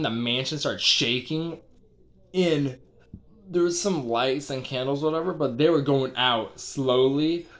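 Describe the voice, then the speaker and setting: A young man casually retelling a strange dream, rambling with constant fillers and the odd swear word. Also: mid-range voice. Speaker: vlogger.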